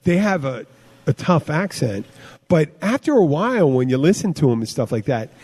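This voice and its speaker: A man's voice: a little high, big pitch swings, normal speed, a little mellow, husky. A man co-hosting a casual podcast chat, rambling and trailing off with fillers. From United States. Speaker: podcast co-host.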